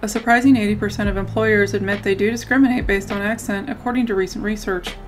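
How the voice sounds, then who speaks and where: A woman's voice: medium pitch, fairly even intonation, background noise. Woman narrating a video essay. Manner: measured, reads out quotes. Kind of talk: scripted narration. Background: background music.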